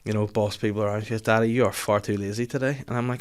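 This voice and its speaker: A man's voice: lowish voice, flat delivery, fast, few pauses. A man guesting on a podcast, chatting casually and telling stories with frequent laughter. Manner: chatty storyteller, laughs often. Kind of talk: casual chat.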